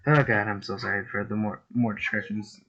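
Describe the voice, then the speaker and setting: A man's voice: fairly low pitch, flat delivery, a little fast, sharp tone, highs cut off. A man casually narrating fan fiction in a rambling, profane way with lots of fillers. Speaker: YouTube storyteller. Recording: noisy home recording.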